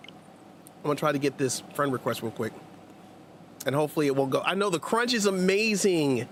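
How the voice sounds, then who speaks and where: A man's voice: on the high side, moderate pace, pauses often, slight background noise. A man hosting a gaming livestream, chatting casually, laughing often and munching into his mic. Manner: animated, laughs often, talks while munching. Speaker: streamer host. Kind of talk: casual livestream gameplay chat. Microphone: streaming mic.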